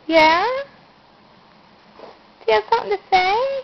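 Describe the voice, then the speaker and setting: A woman's voice: high voice, big pitch swings, drawn-out words, long pauses, a little hiss or hum. A woman coaxing a baby in sing-song baby talk, heard on a dull home video recording. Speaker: parent talking to a baby.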